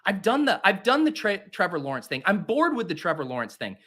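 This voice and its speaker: A man's voice: high-pitched, very animated, fairly quick, a bit bright, breathy edge. A young man hosting a fantasy football show, chatting casually and theatrically mocking himself in exasperation. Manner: theatrical, exasperated self-mockery. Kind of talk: casual solo commentary while drafting.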